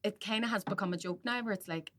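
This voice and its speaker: A woman's voice: medium pitch, fast, a bit bright. A woman co-hosting a podcast, chatting casually and frankly, swearing freely. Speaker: podcast co-host. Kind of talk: casual chat.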